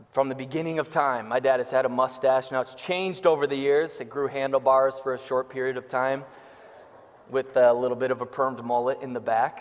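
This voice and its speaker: A young male pastor delivers a casual, joking sermon in a church sanctuary. His voice is slightly hoarse from a recent illness. The sound carries a long church-hall reverb. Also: mid-range voice. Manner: joking, self-deprecating.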